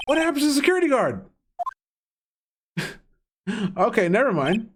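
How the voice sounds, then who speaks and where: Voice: medium pitch, big pitch swings, moderate pace, long pauses, noisy background. A streamer casually commenting on a game and reading its dialogue aloud in a jokey manner, swearing often. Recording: game music playing behind.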